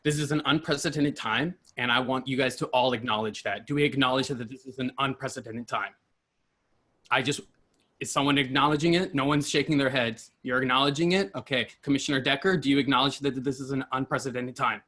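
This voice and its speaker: Angry caller, male, bright forceful voice, confrontational and swearing. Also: mid-range voice, steady tone, a little fast. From Los Angeles. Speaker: public commenter. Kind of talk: angry public comment.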